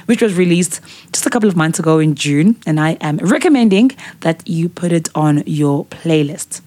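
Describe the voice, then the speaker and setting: A woman's voice: sits low, animated, normal speed, mellow. A woman, hosting a casual music podcast and recommending songs with chatty enthusiasm. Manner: enthusiastic and chatty, with filler words. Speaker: podcast host.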